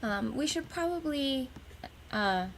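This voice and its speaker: A woman's voice: high-pitched, expressive, slow pace, slight background noise, low-quality recording. A woman co-hosting a live stream chat, playful and reading out viewer messages. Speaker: co-host.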